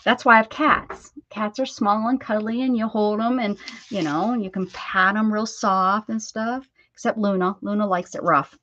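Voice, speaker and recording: A woman's voice: medium pitch, fairly even intonation, moderate pace, fairly bright tone, lo-fi sound. A woman hosting a casual crafting livestream, chatting and talking baby-talk to her cat as she works. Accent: American. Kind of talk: casual chat while crafting.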